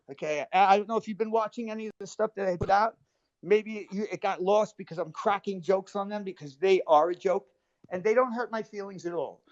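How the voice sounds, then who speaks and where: A man's voice: high-pitched, no echo. A man arguing heatedly on a live stream, defensive and swearing, cutting in over others. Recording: dull lo-fi stream audio.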